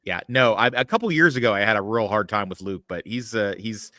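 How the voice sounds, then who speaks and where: A man with a lowish voice hosts a loose podcast chat over a remote call. He rambles, swears a lot and gives his opinions bluntly. The sound is close and dry, with no room around it. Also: lively intonation, fairly quick, bright, forceful tone, no echo. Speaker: podcast host. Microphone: remote call mic.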